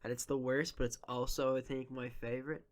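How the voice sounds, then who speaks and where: A man's voice: mid-range voice, level tone, fairly quick. A young man co-hosting a podcast in easygoing casual chat, joking and laughing often. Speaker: podcast co-host.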